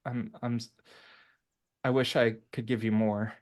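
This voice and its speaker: A man's voice: medium pitch, flat delivery, unhurried, a little mellow, close to an everyday voice. A man voicing a very tall woman researcher who is out of breath, stammering and apologetic. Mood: breathless apologetic.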